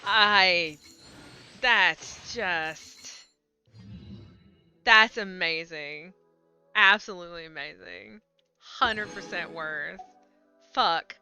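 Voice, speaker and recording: A woman streaming a video game, chatting casually into a desk mic, swearing freely and swinging between low mutters and loud excited yelps. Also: very slow, pauses often, clear, resonant tone, faint music behind. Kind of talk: casual gameplay stream chat.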